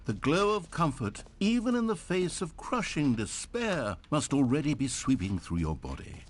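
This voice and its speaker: A man's voice: fairly high pitch, sing-song, moderate pace. A man voicing a wry adult male video game narrator who talks in a dry, mock-sincere, teasing way.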